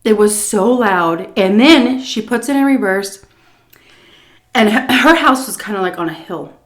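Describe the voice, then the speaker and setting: A woman telling a casual story-time tale as a food vlogger, animated and full of fillers, acting out scenes as she goes. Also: medium pitch, a little slow. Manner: animated, lots of fillers and laughs, acts scenes out.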